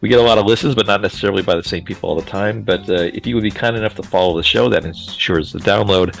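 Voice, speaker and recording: A man's voice: lowish voice, quick pace, creaky, soft background music. A man co-hosting a podcast in casual chat, easygoing and chuckling between remarks. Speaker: podcast co-host.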